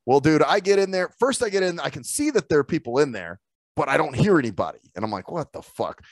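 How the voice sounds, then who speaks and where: A man co-hosting a loose podcast chat, telling a gripe story with plenty of swearing and laughs. His pitch jumps around a lot as he acts out other people. The sound is dry and close, with no room echo. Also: big pitch swings, quick pace. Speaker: podcast co-host. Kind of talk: casual chat.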